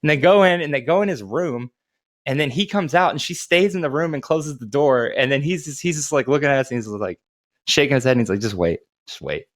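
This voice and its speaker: A man's voice: a little high, fairly quick. A man in his thirties, a podcast co-host telling casual, profane, rambling anecdotes. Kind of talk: casual storytelling chat.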